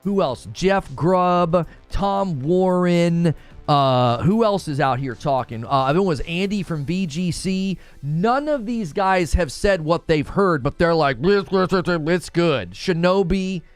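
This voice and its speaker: A man hosting a casual livestream, chatting excitably, repeating himself and reacting to his chat. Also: sits high, unhurried, clean tone, faint music behind. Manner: animated, excitable, repeats himself, shouts when cheering. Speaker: livestream host.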